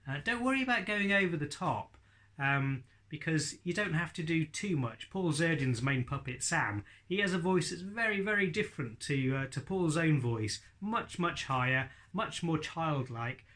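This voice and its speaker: A man's voice: on the high side, expressive, unhurried, few pauses, a bit bright. A man teaching ventriloquism in a chatty, light-hearted way. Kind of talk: instructional talk to camera.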